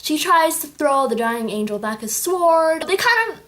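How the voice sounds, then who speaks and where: A woman chatting casually in a book review vlog, gushing and animated as she recaps the story. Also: sits high, normal speed. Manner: animated, gushing, with acted-out quotes.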